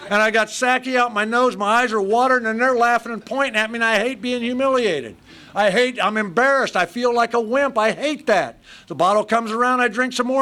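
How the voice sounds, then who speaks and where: A man in his sixties, his voice extremely high-pitched and sharp, tells his own life story live before an audience at a recovery meeting. His humorous storytelling is blunt and self-mocking, delivered in short, punchy sentences.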